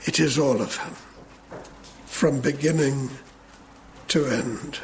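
A man preaching a sermon in a measured way, building to emphatic peaks. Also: a little high, slight background noise.

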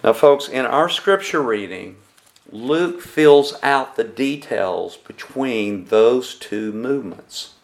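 A male pastor delivers a sermon at a very slow, measured pace in a mid-range voice. He pauses often and keeps putting rhetorical questions to his congregation. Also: mid-range voice, expressive, gravelly.

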